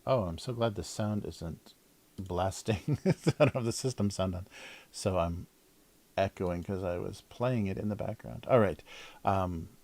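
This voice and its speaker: A middle-aged cartoonist with a low, slightly mellow voice chats casually on a livestream while he draws, recorded dry. He rambles, cuts himself off, and laughs often.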